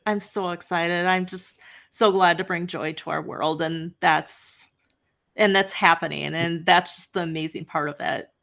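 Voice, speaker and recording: Woman guest author, lively, laughing, chatty storytelling, video call. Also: fairly low pitch, a little slow, vocal fry. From Upper Midwest United States. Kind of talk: casual storytelling.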